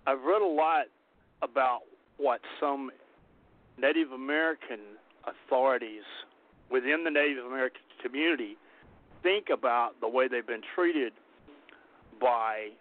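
A man's voice: mid-range voice, measured pace. A man hosting a casual interview chat, talking earnestly and rambling with restarts. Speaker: interview host. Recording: tinny phone-like line.

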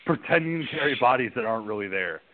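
A man hosts a loose horror movie chat over a tinny, phone-like line. His pitch swings widely as he retells scenes, laughing and swearing as he goes. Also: animated, fast. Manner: laughing often, acts out scenes in raised voices, swears freely. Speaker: podcast host. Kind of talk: casual film-review chat.

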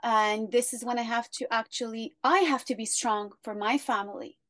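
A woman's voice: a little high, fairly even intonation, a bit bright, dry recording. Earnest woman guest, dry sound. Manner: reflective, earnest, measured. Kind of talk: interview storytelling.

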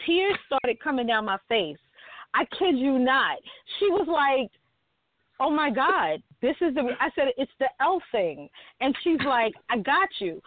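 A woman's voice: sits high, unhurried, no room sound. Laughing storyteller woman on a thin line. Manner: animated, laughing, profane storyteller. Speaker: co-host. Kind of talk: casual radio chat, storytelling. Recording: dry phone-like sound.

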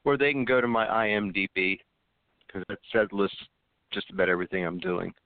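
A man's voice: lowish voice, brisk, no room sound. A man, an actor guest, chatting casually about his projects and laughing often. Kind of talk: casual interview chat. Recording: dry, phone-like call audio.

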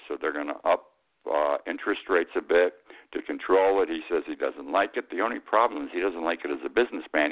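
A man hosting a weekly political talk show, giving rambling, indignant opinions with fillers and emphatic outbursts. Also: sits low. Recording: tinny phone-like sound.

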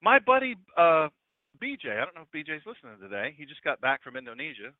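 A man preaching a radio sermon, animated and storytelling with humor, over a dry, tinny radio broadcast line. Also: fairly high pitch, fast talker, no echo.

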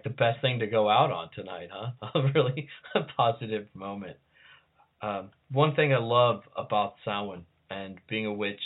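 A man with a scratchy voice talking casually as a podcast guest, at times reading ritual verses solemnly. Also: lowish voice. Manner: reads liturgy in a raised, solemn voice. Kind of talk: casual talk and liturgy reading. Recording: tinny phone-like line.

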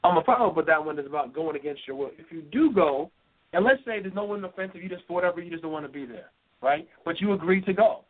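Quick husky-voiced male radio host. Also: fairly high pitch, lively intonation. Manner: quick, chatty, backs up his co-host. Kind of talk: advice talk. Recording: thin phone-like radio sound.

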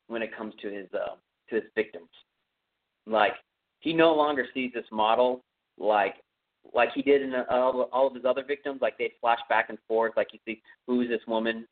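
A man hosting a podcast from his home, recapping a horror film in a casual, rambling way with lots of fillers. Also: lowish voice. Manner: rambling, many fillers, conversational. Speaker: podcast host. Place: home room with a cat. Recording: phone-like narrow sound.

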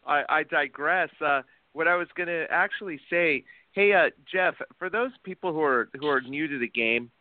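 A man's voice: a little high, moderate pace. A man co-hosting a casual hockey talk show, teasing his co-host and hesitating as he asks questions. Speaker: podcast co-host. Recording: tinny phone-like line.

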